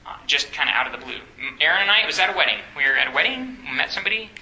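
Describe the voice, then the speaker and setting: A man's voice: fairly high pitch, expressive, very fast, bright, forceful tone, reverberant, low-quality recording. A young man on a campus ministry staff, teaching a Bible study in a conversational way, asking the group questions and joking.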